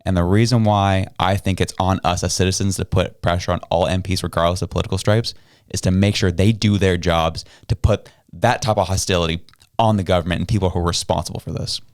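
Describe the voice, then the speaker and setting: A man hosting a political talk show, his voice sitting on the low side. He rants in a heated, emphatic way, hammering his points home. The sound is dry and close, with no room around it. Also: fairly even intonation, fast, darkish tone, clear, resonant tone, no room sound. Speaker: podcast host.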